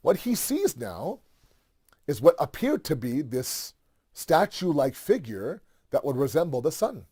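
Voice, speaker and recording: A man's voice: fairly high pitch, big pitch swings, a little slow, warm tone, slightly rough. A man telling a religious story in a casual, conversational way, with many fillers and asides.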